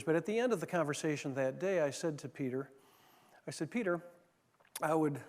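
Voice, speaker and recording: A former managing partner gives an anecdotal leadership talk in a mid-range, darkish voice, telling stories full of fillers and restarts. A long hall reverb surrounds the recording.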